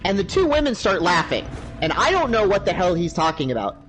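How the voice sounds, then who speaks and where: A man with a high voice and a swooping, lively delivery tells a crude story during a game livestream. He talks casually and animatedly. A steady, clear noise sits under his voice. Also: brisk. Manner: animated, profane anecdote-teller. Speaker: gaming livestreamer.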